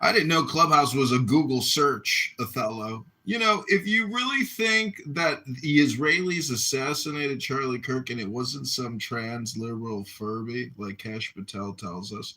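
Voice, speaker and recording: A man hosting a social audio room, delivering a sarcastic, theatrical rant that breaks into loud chanting. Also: medium pitch, measured pace, few pauses. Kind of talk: mocking satirical rant.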